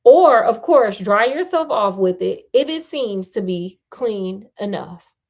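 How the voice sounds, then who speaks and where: A woman's voice: medium pitch, lively intonation, takes it slowly. A woman reading a novel aloud casually, breaking off for playful, chatty asides. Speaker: storyteller. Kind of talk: casual read-aloud storytelling.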